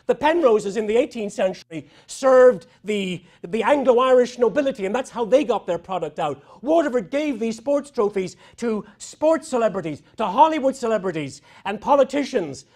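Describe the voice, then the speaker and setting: A man's voice: very high-pitched, a little mellow. A man giving a speech at a bar association conference, telling history in an explanatory, storytelling way. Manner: storytelling, explanatory lecture delivery.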